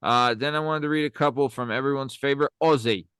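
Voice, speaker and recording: A man's voice: mid-range voice, fast talker, fairly bright tone, clear, resonant tone, no room sound. Loose-talking, swearing man co-hosting a podcast. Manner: loose, swearing, reads listener comments aloud. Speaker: podcast co-host. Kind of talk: casual podcast chat.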